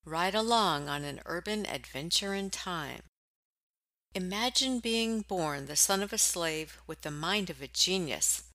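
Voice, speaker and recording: Bright-voiced woman announcing a story. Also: lowish voice, lively intonation, unhurried. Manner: polished, promotional reading. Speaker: program announcer. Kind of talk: scripted introduction.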